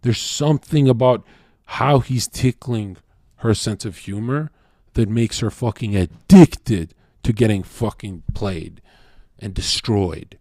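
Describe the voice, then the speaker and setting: Low voiced young guy ranting at his stream chat, cocky and crude, dry close sound. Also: slow pace, mellow, dry recording. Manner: crude and cocky, heavy swearing, lectures the chat. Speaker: livestreamer talking to chat. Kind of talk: casual blunt stream monologue.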